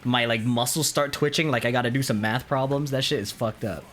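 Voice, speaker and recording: A man's voice: medium pitch, fairly even intonation, brisk, a bit bright, faint music behind. A man streaming live, chatting casually and tossing in dry, joking asides.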